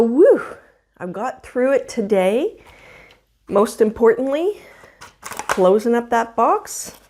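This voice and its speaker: A woman in her fifties talking candidly to camera at home in a casual vlog, with a slightly rough morning voice and frequent laughs. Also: medium pitch, a little mellow. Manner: chatty and candid, laughs often. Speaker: vlogger. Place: home, indoors.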